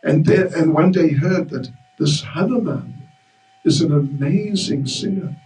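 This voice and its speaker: A man's voice: on the high side, unhurried, warm tone. A man giving a storytelling religious class in a temple hall, joking with the audience. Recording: roomy hall, mic far off.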